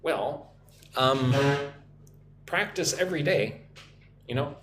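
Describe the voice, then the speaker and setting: A man's voice: medium pitch, animated, fairly bright tone, roomy sound, a little hiss or hum. An American man hosting a live online English lesson, reading viewer comments and explaining vocabulary and pronunciation. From United States. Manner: drills pronunciation slowly, syllable by syllable. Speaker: English teacher hosting a livestream. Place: home room with a loud air conditioner.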